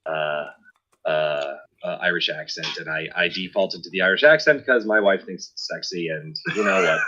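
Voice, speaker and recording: A man's voice: low-pitched, normal speed, bright, forceful tone, lo-fi sound, a little hiss or hum. A man hosting a tabletop game stream, chatting casually between sessions, apologetic and rambling with plenty of fillers. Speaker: host.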